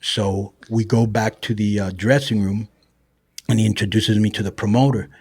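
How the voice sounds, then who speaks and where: A man's voice: on the low side, fairly even intonation, moderate pace, darkish tone, breathy edge. A middle-aged man, a guest on a show, telling stories in a casual, profane way, often saying "bro" and "you know". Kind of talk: casual storytelling.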